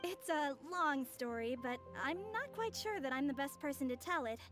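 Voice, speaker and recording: A woman's voice: high-pitched, expressive, moderate pace, music in the background. A woman voicing a composed, mysterious young woman in a video game, speaking in a poised, formal and courteous way.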